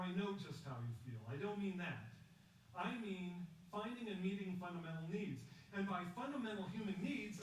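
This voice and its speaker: A man giving a prepared public talk, measured and emphatic, telling a story and asking rhetorical questions. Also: on the high side. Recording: echoey distant recording with faint background noise.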